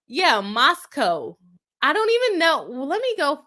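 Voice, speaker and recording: A woman's voice: high voice, huge pitch swings, unhurried, bright, forceful tone. A young woman, a lawyer hosting a livestream, chatting casually, reading viewer comments and laughing often at herself.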